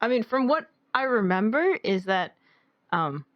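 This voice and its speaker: A woman's voice: a little high, sing-song, a little slow, dry recording, lo-fi sound. A young woman co-hosting a podcast, telling a story in a rambling casual way with lots of "like". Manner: rambling storytelling, heavy use of "like". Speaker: podcast co-host. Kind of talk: casual chat.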